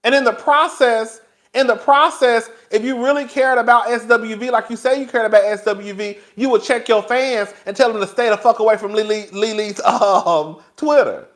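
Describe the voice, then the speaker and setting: A man with a high voice runs a casual gossip livestream, laughing as he talks. He is sassy and profane, keeps calling the chat "girl", and speaks. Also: normal speed, a bit bright. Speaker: YouTube commentary host.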